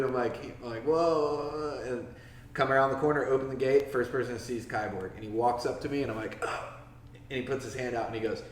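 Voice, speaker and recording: A man's voice: mid-range voice, fast talker. A man in his forties from Florida, a podcast guest telling stories casually, swearing freely and acting out quotes in a raised voice. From Florida, USA. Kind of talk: casual storytelling interview. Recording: echoey room, mic a bit far, faint background noise.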